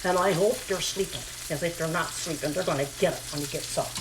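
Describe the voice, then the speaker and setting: A home cooking vlogger chats casually to the camera in her home kitchen, talking quickly in a slightly low, hushed voice while repeating phrases and talking to herself. A frying pan sizzles audibly in the background noise.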